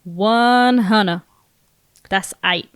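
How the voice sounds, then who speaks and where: A woman co-hosting a podcast, chatting casually with quick back-and-forth and playful teasing. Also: medium pitch, smooth, dry recording. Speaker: podcast co-host. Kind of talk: casual chat.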